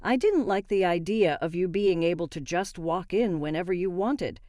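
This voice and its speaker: A woman's voice: lowish voice, normal speed, dark tone, no room sound, studio quality, natural voice. A woman voicing a rude, entitled young girlfriend with a snippy, contemptuous manner.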